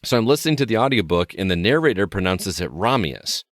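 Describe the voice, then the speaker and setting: Deep-voiced man chatting in a dry room. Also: expressive, fast, no echo. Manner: rambling, storytelling, frequent restarts. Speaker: podcast co-host. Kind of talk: casual chat.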